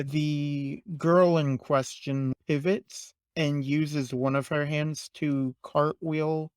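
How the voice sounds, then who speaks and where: A male game master narrating a tabletop game with measured, descriptive delivery. He talks slowly, and the recording is dry and close. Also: medium pitch, no room sound.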